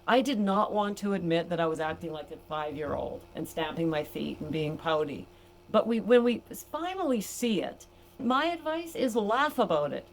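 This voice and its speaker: A woman's voice: on the low side, lively intonation, moderate pace, a little hiss or hum. Chatty older woman coaching with laughs. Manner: warm, chatty, laughs easily, addresses listeners as gals. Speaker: sobriety coach and podcast host. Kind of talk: casual podcast monologue reading from a book.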